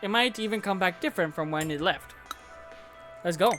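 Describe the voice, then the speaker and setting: A chatty gaming host talks through a console demo at home in a loose, giggly, self-interrupting way. The voice sits at an everyday middle pitch, with faint music playing underneath. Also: moderate pace. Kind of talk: casual gameplay commentary. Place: home room with a fan running.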